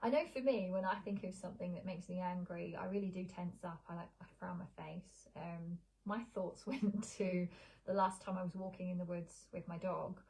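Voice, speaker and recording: A middle-aged woman, a meditation teacher, giving a slow, soft, soothing guided meditation and then chatting casually on a live stream. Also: on the low side, steady tone, rough recording. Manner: soft, slow, soothing guidance with gentle pauses. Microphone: streaming live on a social video stream.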